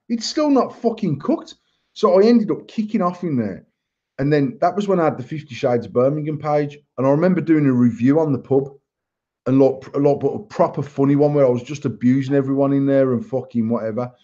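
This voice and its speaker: A foul-mouthed man tells crude stories on a live show in a blunt, boastful way. His voice sits a touch high for a man, with a dark, mellow tone. The sound is dull and lo-fi, like a home live stream. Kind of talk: casual storytelling chat.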